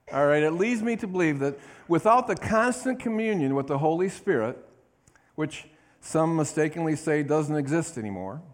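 A man preaching a sermon in a fairly high voice. He checks in with his listeners, asking for amens and answers. When he reads scripture he leans on the words for emphasis. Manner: call-and-response preaching, asks congregation for amens. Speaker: pastor.

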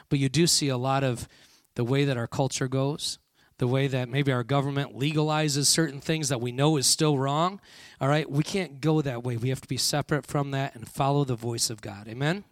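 A man's voice: medium pitch, fairly even intonation, fairly quick, no echo, clean studio sound. A man preaching a sermon to a congregation, with frequent call-and-response and "all right" checks. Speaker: pastor.

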